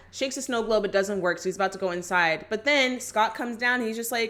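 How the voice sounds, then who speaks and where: Recapping a movie, a woman vlogger chats casually, peppering her talk with "like" and "just like" and acting out quotes. Her voice sits at medium pitch with a fairly bright tone, and she moves briskly with hardly any pauses.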